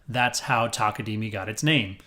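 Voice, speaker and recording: A male music teacher leads students through a rhythm lesson, counting aloud while wearing headphones. His voice is on the low side with a sharp tone, and he speaks at a normal speed. He's upbeat, a little corny, and encouraging.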